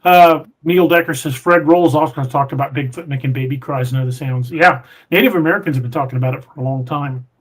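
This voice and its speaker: A man hosting a live podcast, his voice sitting a little high for a man. He reads viewer comments aloud and answers them in a relaxed, chatty way, with plenty of filler sounds. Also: fast, hardly any pauses, slightly rough. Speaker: podcast host reading live chat. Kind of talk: casual live-stream chat.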